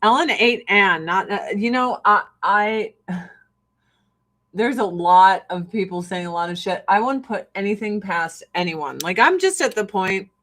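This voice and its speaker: A woman's voice: medium pitch, animated, unhurried, a bit bright. A woman hosting a podcast, ranting in a blunt, profane, sarcastic way and laughing often. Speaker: podcast host. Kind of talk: casual ranting chat.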